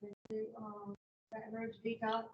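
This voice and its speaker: Quiet apologetic woman, far off. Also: on the high side, monotone, moderate pace, highs cut off. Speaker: recovery group participant. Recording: faint, far from mic in echoey room.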